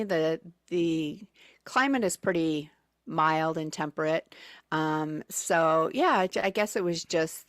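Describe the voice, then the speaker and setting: A woman's voice: lowish voice, fairly bright tone, no echo, studio quality. A woman telling travel stories as a guest on a radio show, chatty and full of fillers and restarts. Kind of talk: casual radio chat. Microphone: studio microphone.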